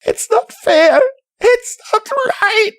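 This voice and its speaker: A man's voice: brisk, a little mellow, breathy edge, heavily acted. A man voicing a desperate young filly who cries and pleads, as an audiobook character. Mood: screaming. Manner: high wailing pleas. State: crying.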